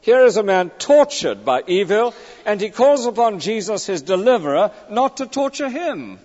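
Male preacher, fairly high and very animated voice, emphatic sermon delivery, long echoing church reverb. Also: moderate pace, dull audio. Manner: emphatic, with rhetorical tag questions. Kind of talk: expository sermon. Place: large church.

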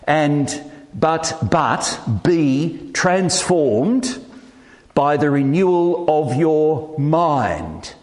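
A middle-aged man, preaching a sermon in an animated, emphatic way with self-deprecating humour. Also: mid-range voice. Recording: reverberant hall.

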